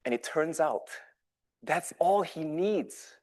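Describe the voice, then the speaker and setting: A man's voice: a little high, animated, takes it slowly, darkish tone. A man in his thirties giving a dramatic storytelling speech with big swings in volume. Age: 30s. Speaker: club speaker.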